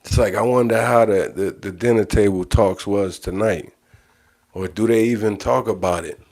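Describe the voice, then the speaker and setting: A man's voice: fairly low pitch, normal speed, darkish tone. A man hosting his own livestream, talking in a blunt, profane monologue that repeats phrases for emphasis. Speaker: livestream host.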